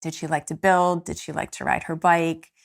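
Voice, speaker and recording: A woman in her thirties, a podcast host and coach, does casual solo podcast talk in an earnest, encouraging way that turns teary at times. Her voice sits low and sounds gravelly, with a level tone and normal speed.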